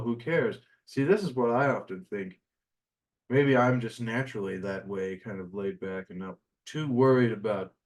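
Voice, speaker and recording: A man talks through a spiritual lesson at an unhurried, reflective pace. His voice sits in an ordinary middle pitch. He muses aloud and often lets his words trail off into quieter asides. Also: low-quality recording. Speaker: spiritual teacher.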